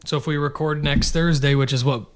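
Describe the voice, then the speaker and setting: A man's voice: fairly high pitch, steady tone, brisk. A man co-hosting a podcast, chatting casually, explaining at length with some swearing. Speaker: podcast co-host. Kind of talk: casual chat.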